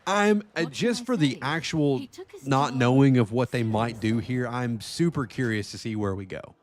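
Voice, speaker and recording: A man's voice: medium pitch, moderate pace. A man streaming a game and chatting casually, swearing freely and ranting with animation. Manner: profane, animated rant.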